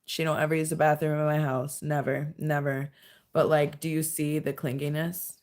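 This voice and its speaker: Young woman, chatty livestream host, lowish voice, laughs a lot, home at night, dog in the background. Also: little pitch movement, normal speed, darkish tone. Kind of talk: casual livestream chat.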